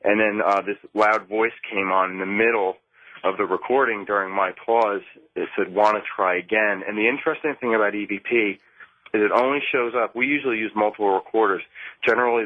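A man with a lowish voice recounts his investigations over a thin, phone-like line. His delivery is halting and he often restarts sentences. The sound is dry and close. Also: no echo. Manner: halting, repeats words when starting sentences. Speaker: paranormal investigator guest. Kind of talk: phone-in interview storytelling.

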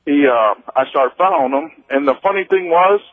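Missouri male caller, slightly high voice, halting and full of restarts, thin phone-line sound. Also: expressive, no room sound. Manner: halting, with many restarts and fillers. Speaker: radio caller. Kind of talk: telling a personal story on a call-in show.

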